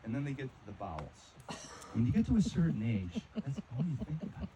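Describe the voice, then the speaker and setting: A man's voice: medium pitch, sing-song, fast, lo-fi sound, very noisy. A man in his fifties from North Carolina doing an amateur stand-up routine at a wedding party, with dry, self-deprecating punchlines. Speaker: amateur stand-up comic, a physician. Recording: crowd laughter and applause.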